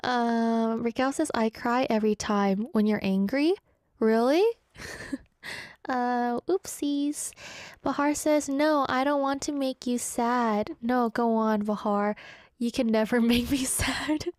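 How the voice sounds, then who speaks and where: A woman's voice: on the high side, steady tone, slow pace, darkish tone, no room sound, studio quality. A young woman hosting a radio show, chatting casually and reading out listener messages with frequent giggles. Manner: giggly, chatty, self-deprecating. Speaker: radio host. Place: radio studio. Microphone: studio microphone.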